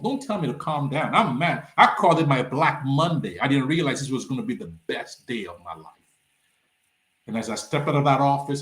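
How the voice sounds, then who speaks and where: A man from Nigeria, a nonprofit founder, telling his story as a podcast guest and acting out the dialogue with big swings in pitch. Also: a bit bright, echoey room. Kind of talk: animated storytelling in a podcast interview.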